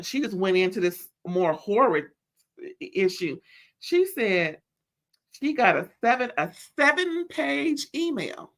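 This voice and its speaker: Animated woman recapping reality TV. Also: mid-range voice. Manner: animated storytelling with playful impressions, southern slang. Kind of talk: casual recap chat.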